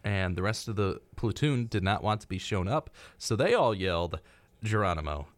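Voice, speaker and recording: Young man, college radio co-host, low and lively voice, dry studio sound. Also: moderate pace, no room sound. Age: young adult. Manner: relaxed, lively, chatty with fillers. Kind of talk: casual radio chat. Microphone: studio microphone.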